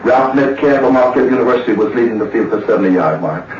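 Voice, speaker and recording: A man recalling a race he ran, in a measured, deliberate storytelling manner. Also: mid-range voice, expressive, a little hiss or hum. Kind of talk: reflective spoken recollection. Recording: muffled, distant, roomy archive recording.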